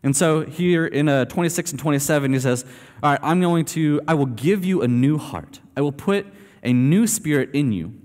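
A male pastor delivers an easygoing, conversational sermon full of fillers, his voice a little high and darkish in tone with lively intonation at normal speed. He's recorded in a church sanctuary with long hall reverb.

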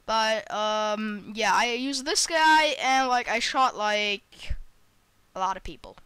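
A woman giving chatty, excitable gameplay commentary, full of fillers and quick to put herself down. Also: on the high side, smooth, dry recording. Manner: chatty and excitable, filler-heavy, self-deprecating. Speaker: let's play gamer.

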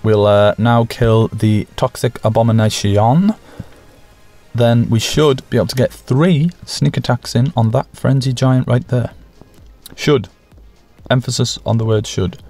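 A man hosting a gaming channel, giving casual, jokey, self-mocking commentary over his play with sudden excited bursts. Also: medium pitch, moderate pace, faint music behind.

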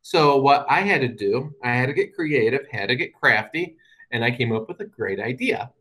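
A man speaking to an audience as a guest presenter, his voice sitting at an ordinary middle pitch. He tells stories with a dry, humorous edge, then lays out his points in a plain, logical way. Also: lively intonation, moderate pace, fairly bright tone, rough recording. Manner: wry, humorous storytelling with dry asides.

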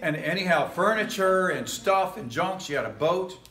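Man, pastor, casual joking sermon, rambling asides, somewhat high voice, echoey church. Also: animated, moderate pace, noisy background. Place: church sanctuary.

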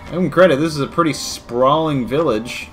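A man's voice: a little high, fairly quick, music in the background. A man giving casual gameplay commentary with joking, sarcastic asides. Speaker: video game let's-player.

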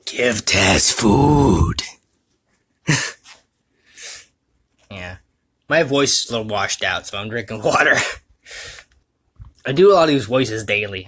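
A young man rambling through a casual livestream chat, self-mocking and quick to laugh, recorded at home on a computer mic. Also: fairly low pitch, pushed and bright. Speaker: vlogger and voice dubber.

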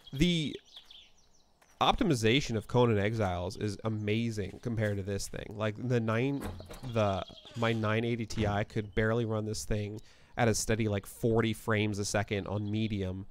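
A man's voice: fairly low pitch, slight background noise. A man chatting casually as he livestreams a game from his apartment, thinking aloud and often correcting himself. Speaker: live streamer. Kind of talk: casual gameplay livestream chat. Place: apartment room.

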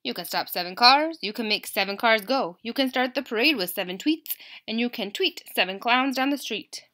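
A woman voicing a helpful homemade talking machine in a children's storybook, calmly listing answers. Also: a little high, moderate pace.

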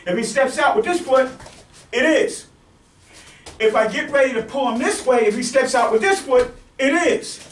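A man's voice: very high-pitched, moderate pace, a little hiss or hum. A man teaching street self-defense, demonstrating on a partner and checking in with "okay?" and "right?" as he goes. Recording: echoey room, mic far off.

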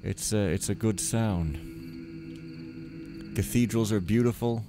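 Low-voiced man joking through a game. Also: takes it slowly. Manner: wry, joking, talks to himself. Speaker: let's play host. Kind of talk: rambling gameplay commentary. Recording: game music behind voice. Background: game music.

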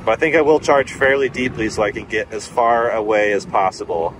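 A man narrating a charging stop in a relaxed, wry way, joking to himself as he waits. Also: lowish voice, fairly quick. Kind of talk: casual vlog narration. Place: outdoors at a charging station. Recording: outdoors with wind buffeting the mic.

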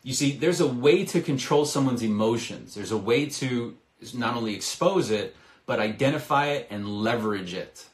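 Energetic man coaching sales, roomy sound. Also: medium pitch, moderate pace. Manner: energetic, persuasive, acts out sales dialogue. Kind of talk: live-stream sales lesson.

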